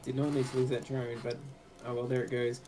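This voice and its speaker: A man with an Australian accent casually commentating an esports match, joking and quick to react. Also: mid-range voice, flat delivery, warm tone, soft background music, rough recording. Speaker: esports caster.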